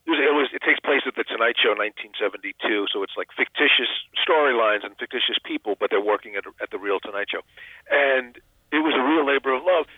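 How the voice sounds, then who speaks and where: A man's voice: medium pitch, quick pace, slightly rough, no room sound. Older man, chatty, over a phone line. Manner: chatty, self-deprecating, frequent restarts. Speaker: actor and comedian guest. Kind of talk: phone interview.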